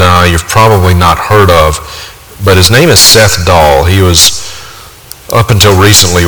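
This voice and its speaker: A man delivers a sermon in a low, forceful voice with a bright edge, pressing hard on every point. A long reverb carries his words, as though he stands in a large hall. He drives each idea home through emphatic repetition.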